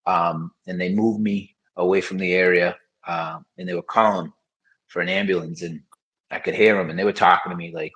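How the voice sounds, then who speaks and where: Low husky man telling his story. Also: sharp tone, low-quality recording. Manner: frank, conversational, many fillers. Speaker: podcast guest. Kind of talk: casual storytelling interview.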